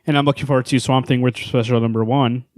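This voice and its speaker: A man co-hosting a casual comics podcast, talking in a playful, rambling way full of joke stories. His voice sits at an ordinary pitch. The sound is dry and close, with no room echo. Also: steady tone, fast talker, darkish tone. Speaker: podcast co-host. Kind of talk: casual chat.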